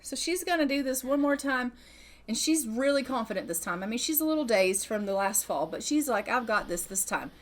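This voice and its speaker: A young woman who makes gaming videos comments on her Sims play in a loose, chatty style, swearing without hesitation and speaking for her character. She talks a little fast in a high, expressive voice.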